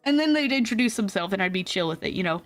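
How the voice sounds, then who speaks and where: A young woman VTuber telling a story in a casual, animated way, laughing often. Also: quick pace, soft background music. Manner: animated, laughs often, acts out quotes in high squeals. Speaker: VTuber streamer.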